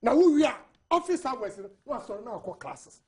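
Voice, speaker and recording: A man's voice: very high voice, sing-song, fast, few pauses, a little mellow. A man with a Ghanaian accent, a studio panelist giving impassioned, argumentative commentary on a TV newspaper review, full of rhetorical questions.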